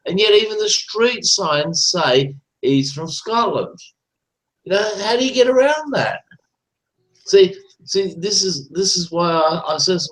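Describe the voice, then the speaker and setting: A man's voice: on the high side, moderate pace, rough recording. A man calling in to an online talk show, ranting and swearing, tagging "right?" onto his points. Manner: ranting, profane, repeats "right?". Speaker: caller. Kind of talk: casual chat.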